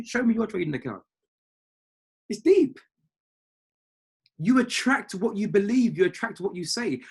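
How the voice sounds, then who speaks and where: Man, raspy voice, motivational coaching call, sermon-like emphasis, repeats catchphrases. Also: sits high. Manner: preachy, emphatic, repeats key phrases. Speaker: trading mindset coach. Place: indoors at a family home.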